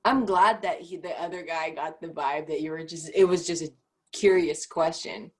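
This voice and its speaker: A young woman talks as a guest on a casual podcast. Her voice sits a little low for a woman. She thinks aloud, giggles often, and acts out gentle ways to phrase things. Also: normal speed.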